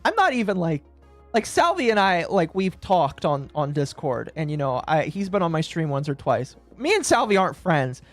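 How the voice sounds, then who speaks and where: A woman's voice: fairly low pitch, big pitch swings, normal speed, faint music behind. A woman from the United States streaming reaction commentary in a brash, crude, mocking way, swearing often.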